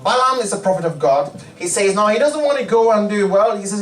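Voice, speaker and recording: A man preaching a sermon in a church hall, telling a story in an animated way and acting out its characters. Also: high voice, a little fast. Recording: echoey hall, distant mic.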